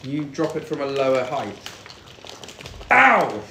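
A man's voice: mid-range voice, big pitch swings, slow pace, pushed and bright, slight background noise. A young British man in his twenties, chatting and teasing casually while cooking in a home kitchen. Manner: banter, teasing and swearing. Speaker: streamer. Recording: roomy echoey kitchen.

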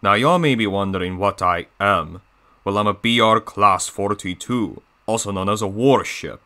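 A man voicing a boastful villainous male diesel engine in a put-on Russian accent, with a slow, menacing delivery. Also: on the low side, bright, forceful tone, pitched below the performer's own voice.

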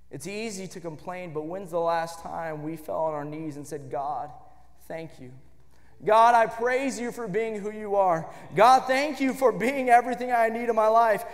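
A man preaching a fervent sermon in a church, rising to shouts on lines of praise. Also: sits high, big-room sound. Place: church sanctuary.

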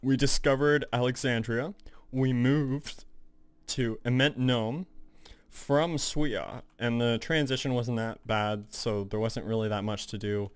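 A man's voice: mid-range voice, steady tone, slow, clean tone, no echo. A man casually commentating while playing a video game, chatty and rambling with fillers. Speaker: gaming channel host. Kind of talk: casual let's-play commentary.

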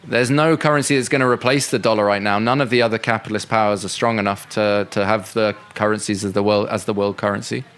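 A man's voice: lowish voice, fairly even intonation, fast, few pauses, a bit bright. Chatty man explaining economics. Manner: conversational, frequent fillers and restarts. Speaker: speaker at a political education session. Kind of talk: unscripted talk answering questions.

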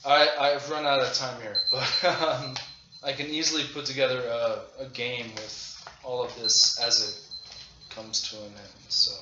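A man teaching English to children in a demo lesson, speaking slowly and deliberately and repeating phrases for learners. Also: medium pitch, fairly even intonation. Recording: roomy, dull lo-fi audio with faint noise.

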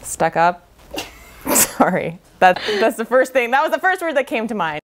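A woman's voice: on the high side, sing-song, moderate pace. A woman in a dating video, blunt and teasing, mocking herself as she chats. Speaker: dating show participant. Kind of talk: casual chat. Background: faint background music.

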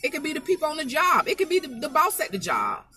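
A woman's voice: high voice, wildly swooping pitch, fast talker, pushed and bright. A woman preaching an informal spoken sermon, emphatic and folksy, repeating her phrases to drive the point home.

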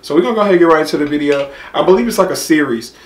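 A man in his twenties hosting a reaction video, talking casually and rambling with lots of slang, his voice hoarse and nearly gone. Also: on the high side, animated, racing. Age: 20s. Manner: rambling, filler-heavy, laid-back slang. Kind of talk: casual talk to camera. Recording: echoey room.

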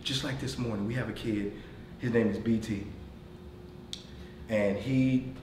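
A man in his forties giving a motivational speech to a business team, telling animated stories, laughing as he goes and addressing the audience directly. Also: on the low side, unhurried. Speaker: motivational speaker. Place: corporate meeting room. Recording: echoey room from far off, noisy.

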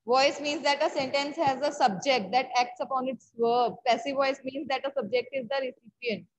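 A woman's voice: sits high, fairly even intonation, normal speed, poor audio. A woman with an Indian English accent teaching an online English grammar class, repeating key words and checking often that students follow.

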